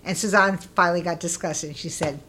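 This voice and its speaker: A middle-aged woman being interviewed, telling stories in a casual, lively way and acting out what people said with bursts of laughter. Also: lowish voice, brisk. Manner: lively, acts out quoted voices with laughter. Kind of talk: casual storytelling.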